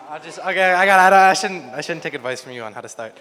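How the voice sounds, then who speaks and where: A young man giving a nervous, halting groomsman toast at a wedding, stumbling and restarting. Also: on the high side, lively intonation, pushed and bright. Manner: halting, flustered, lots of restarts. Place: wedding reception hall. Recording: long hall reverb.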